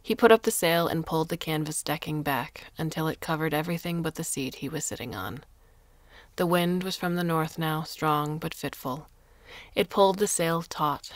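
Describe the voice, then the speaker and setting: A woman narrating a short story in a measured storytelling manner into a close mic. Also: low-pitched, no room sound. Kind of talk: scripted narration.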